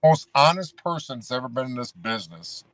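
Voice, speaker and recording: Ask: a rambling wrestler telling road stories. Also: male voice, medium pitch, a little fast, a bit bright, no room sound. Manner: rambling, says "brother" and "you know". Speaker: guest, former pro wrestler. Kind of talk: casual storytelling.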